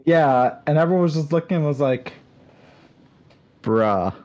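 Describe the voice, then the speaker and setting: A woman's voice: deep voice, fast talker, warm tone. A woman co-hosting a podcast, telling a rambling story in casual chat, full of fillers and restarts. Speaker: podcast co-host.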